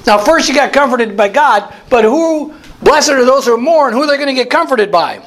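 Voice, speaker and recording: A man's voice: very high-pitched, animated, moderate pace, fairly bright tone, poor audio. A man teaching a Bible study as a pastor, asking his listeners questions and repeating key phrases. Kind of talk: interactive sermon.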